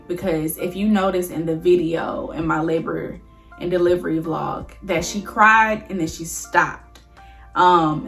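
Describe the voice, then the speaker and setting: A woman's voice: lowish voice, a bit bright. A young woman vlogger casually telling a personal story to her viewers, chatty and emotional, often addressing them as y'all.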